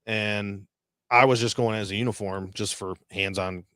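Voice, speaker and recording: A veteran from Detroit, Michigan, appears as a guest and casually tells war stories, cursing, laughing often, and animatedly quoting others. His voice is fairly low and moderately paced, captured in dry, studio-quality sound.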